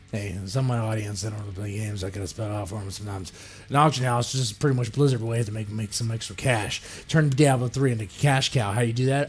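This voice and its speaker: A man hosting a podcast, ranting crudely and profanely, mocking others in sudden loud put-on voices. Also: medium pitch. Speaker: podcast host. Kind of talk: ranting solo podcast commentary.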